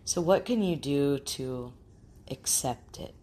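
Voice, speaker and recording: A woman hosting a talk show, speaking earnestly and gently about grief and quoting inner thoughts. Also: rumbling low, animated, takes it slowly.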